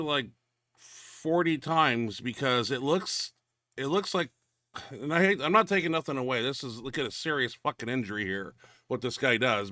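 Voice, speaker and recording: A man's voice: mid-range voice, sharp tone, no room sound, clean studio sound. A man hosting a powerlifting show, rambling casually over lifting videos with restarts and filler.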